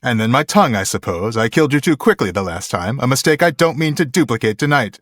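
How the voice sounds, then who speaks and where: A man's voice: medium pitch, very animated, quick pace, fairly bright tone, no echo, studio quality, voice pushed up. A man putting on the voice of an arrogant villainous prince, haughty and clipped. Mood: sneering.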